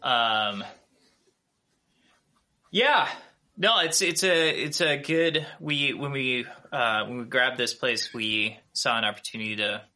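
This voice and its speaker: A man with a Minnesotan accent, chatting as an interview guest in a relaxed, halting way. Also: mid-range voice. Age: adult with a child. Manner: relaxed, halting, many fillers and restarts. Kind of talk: casual interview chat.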